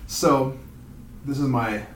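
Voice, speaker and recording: A man co-hosting a casual podcast chat, reflective and halting as he thinks aloud. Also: mid-range voice, fairly even intonation, reverberant, recorded from a distance, a little hiss or hum, low-quality recording. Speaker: podcast co-host.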